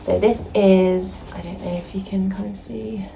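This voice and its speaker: A woman's voice: mid-range voice, steady tone, unhurried, vocal fry, warm tone, a little hiss or hum, poor audio. A young woman talking casually to camera while sitting on a staircase at home, rambling a little and restarting her sentences. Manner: chatty and rambling, with hesitant restarts. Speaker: vlogger.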